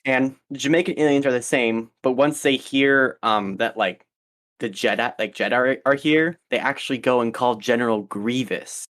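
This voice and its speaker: A young man co-hosting a podcast in loose, casual chat. He rambles through his ideas with plenty of ums and restarts. His voice sits in an ordinary middle pitch. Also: moderate pace, fairly bright tone. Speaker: podcast co-host.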